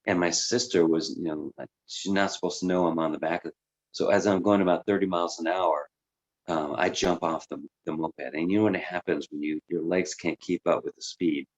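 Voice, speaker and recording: Speaking a little fast in a low, steady voice, a man who works as a life coach reflects on his own life in a candid, conversational way. He uses many fillers as he tells his story.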